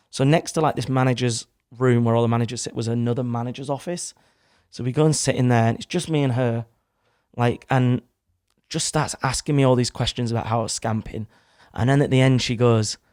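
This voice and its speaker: A man's voice: mid-range voice, steady tone, fairly quick, darkish tone, dry recording, studio quality. A young man, casually telling a rambling story in a podcast chat, with some swearing. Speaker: podcast guest. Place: studio. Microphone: studio microphone.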